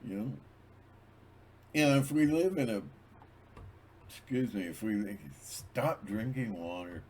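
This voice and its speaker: Host, lower-voiced man, slow rambling monologue, digresses and restarts. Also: a little mellow, slight background noise. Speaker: channel host.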